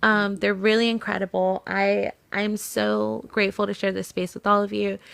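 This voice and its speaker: A woman's voice: mid-range voice, flat delivery, moderate pace, creaky, a bit bright, clear, resonant tone, no echo. A woman hosting a video-call interview, emotional and effusive, laughing often. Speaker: host. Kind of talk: casual video-call chat.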